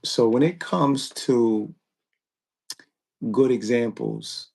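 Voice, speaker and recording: A man hosting a podcast, asking questions slowly and carefully with frequent fillers. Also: mid-range voice, huge pitch swings, gravelly, darkish tone. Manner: slow, measured questions with fillers. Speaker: podcast host. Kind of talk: casual podcast interview.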